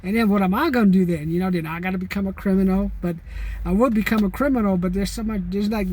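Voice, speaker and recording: A man with a high voice chats casually to his viewers. He rambles and restarts, tacking "man" onto his sentences and keeping the talk loose and animated. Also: quick pace, a little hiss or hum. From California. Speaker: vlogger. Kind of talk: casual chat to camera.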